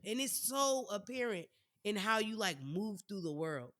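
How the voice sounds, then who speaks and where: A woman's voice: medium pitch, normal speed, slight background noise. A young adult woman co-hosting a podcast, talking frankly and casually with lots of fillers. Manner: animated, frank, many fillers. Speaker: podcast co-host. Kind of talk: casual chat.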